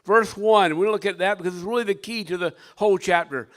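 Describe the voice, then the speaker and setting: Older man preaching, high-pitched voice. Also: fairly quick, no room sound. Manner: dynamic preaching, swinging from loud to hushed. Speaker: pastor. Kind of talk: sermon.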